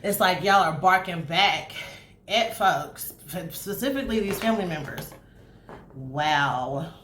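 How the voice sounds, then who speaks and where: Woman, casual tarot reader; low-ish voice, chatty, swears, echoey room with faint hiss. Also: slow. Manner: chatty, animated, swears freely, acts out spirit messages. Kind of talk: casual tarot reading to camera.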